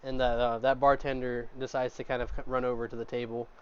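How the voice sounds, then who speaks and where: A man running a tabletop game as game master, narrating the scene in a relaxed, rambling way with many fillers. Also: medium pitch, fast, clear, resonant tone. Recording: muffled lo-fi mic with faint noise.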